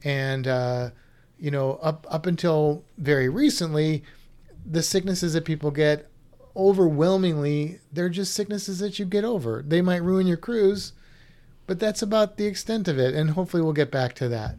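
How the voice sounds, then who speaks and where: A man's voice: fairly high pitch, moderate pace, darkish tone. A man co-hosting a podcast in casual chat, rambling and restarting his sentences as he reads listener comments. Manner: chatty, rambling with many restarts. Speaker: podcast co-host.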